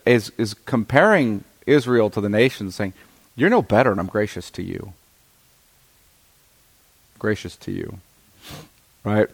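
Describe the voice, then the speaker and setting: In this sermon, a middle-aged preacher works through a scripture passage as expository Bible teaching. He reads every verse aloud, explains it in plain, conversational language, and frequently pauses to make sure his listeners are keeping up. His pitch is average for a man.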